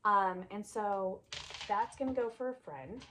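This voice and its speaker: A woman hosting a knitting vlog, chatting casually and rambling, often trailing off into soft asides. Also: medium pitch, unhurried, a little hiss or hum. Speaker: knitting podcast host.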